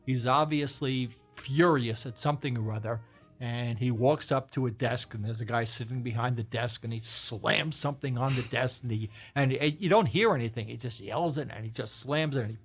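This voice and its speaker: A man's voice: mid-range voice, moderate pace, faint music behind. A man hosting a casual chat, retelling old TV shows in a rambling, hesitant way with many fillers. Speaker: host.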